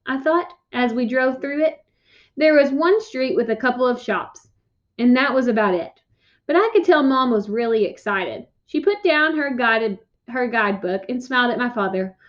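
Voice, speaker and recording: A woman reading a children's chapter book aloud to her class, clear and expressive. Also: on the high side, moderate pace, lo-fi sound. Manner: clear, expressive, with raised voices for characters' quotes. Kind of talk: read-aloud storytelling for children.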